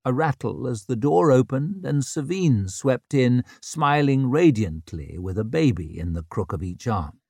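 Slow, measured male audiobook narrator. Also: mid-range voice, vocal fry, no echo, studio quality. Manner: measured, even storytelling. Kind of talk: scripted narration.

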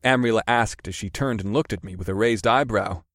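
Guy reading a fantasy audiobook, lowish voice, steady, super dry sound. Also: no room sound. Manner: steady, measured storytelling. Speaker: narrator. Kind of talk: first-person audiobook narration.

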